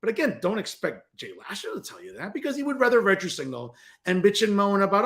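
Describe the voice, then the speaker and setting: A man's voice: high voice, very animated, quick pace, hardly any pauses, a bit bright. A man hosting a political commentary show, ranting in a combative, sarcastic way and addressing listeners as folks. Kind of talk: opinionated political commentary monologue.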